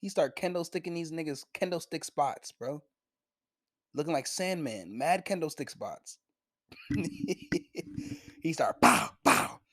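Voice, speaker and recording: Animated, slangy young man reviewing anime. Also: a little high, unhurried, pauses often, no echo, clean studio sound. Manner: animated, slangy, profane retelling; laughs often. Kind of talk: casual review vlog.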